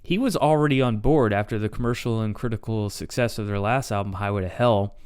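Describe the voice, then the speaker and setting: A man's voice: lowish voice, a little fast, darkish tone, clean tone, no room sound, clean studio sound. A man hosting a podcast, telling history in a loose, conversational way with fillers. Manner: loose and conversational, reads quotes aloud. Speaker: podcast host. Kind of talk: casual history narration.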